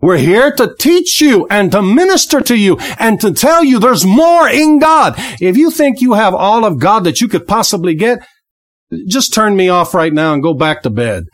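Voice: mid-range voice, big pitch swings, moderate pace. A preacher giving a fervent podcast sermon, rising and falling for emphasis, with praise exclamations and repeated words. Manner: repeats words, laughs briefly.

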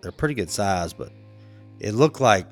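A laid-back man with a lowish voice tells a rambling story to his co-host, chuckling as he goes. Faint guitar music sits under the conversation. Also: animated, moderate pace. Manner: laid-back, laughs a lot, acts out quotes. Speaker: podcast co-host. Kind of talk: casual storytelling chat.

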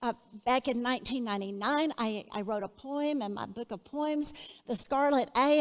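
A woman teaching a Bible lesson in an earnest, measured way, putting questions to her listeners. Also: high voice, in a large hall.

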